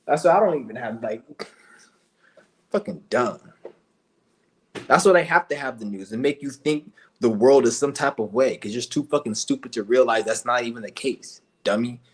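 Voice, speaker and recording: A man's voice: mid-range voice, moderate pace, pauses often. A man talking to camera in a blunt, heated rant full of profanity. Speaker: vlogger.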